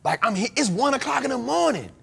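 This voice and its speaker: An American man hosting a casual chat, joking and breaking into loud exclamations. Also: extremely high pitch, very animated, fast, creaky, breathy edge. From United States. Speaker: podcast host.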